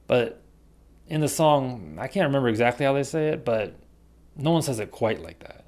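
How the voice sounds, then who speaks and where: A man's voice: mid-range voice, animated, normal speed, creaky, darkish tone. A man teaching English pronunciation, carefully demonstrating pairs of words. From United States. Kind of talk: pronunciation lesson.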